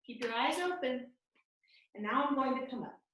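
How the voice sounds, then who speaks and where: Gentle woman leading yoga over a video call. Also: high-pitched, normal speed, far from the mic, slight background noise. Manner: gentle, calm, soothing cues. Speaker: yoga instructor. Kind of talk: guided yoga class instruction. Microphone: computer mic on a video call. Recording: echoey video call audio from off-mic.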